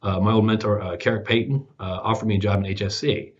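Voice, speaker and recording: Low-voiced man rambling through a story. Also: steady tone, quick pace. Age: 40s. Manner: rambling, filler-heavy, acts out dialogue. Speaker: podcast host as guest. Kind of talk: casual storytelling interview. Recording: dull lo-fi podcast audio.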